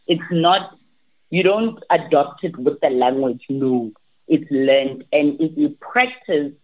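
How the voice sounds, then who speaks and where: A woman, a language teacher, giving advice in an interview, animated and often restarting her sentences. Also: low voice. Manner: animated, repeats and restarts, acts out quotes. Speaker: language academy teacher, guest. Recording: tinny phone-like line.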